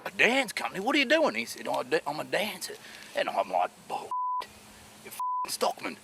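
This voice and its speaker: A man's voice: mid-range voice, wildly swooping pitch, heavy background noise, full character voice. A man playing a blunt, swearing rural cattle boss. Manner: gruff, sweary, quick. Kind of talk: mockumentary interview acting.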